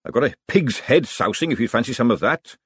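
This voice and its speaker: Man playing a jittery chef, apologetic, husky, storybook voice. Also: mid-range voice, lively intonation, brisk, fairly bright tone, no room sound. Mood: nervous. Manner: nervous, apologetic, miserable. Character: nervous, hapless male dog chef.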